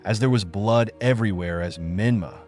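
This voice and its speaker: A man narrating a fan fiction story in a flat, hurried reading with slips. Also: lowish voice.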